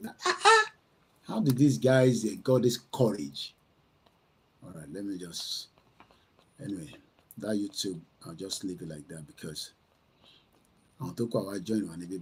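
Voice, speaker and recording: A man's voice: lowish voice, big pitch swings, normal speed, slightly rough. A middle-aged man with a Nigerian accent hosting a casual livestream from home, rambling and slipping between English, Yoruba and Pidgin. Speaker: livestream host.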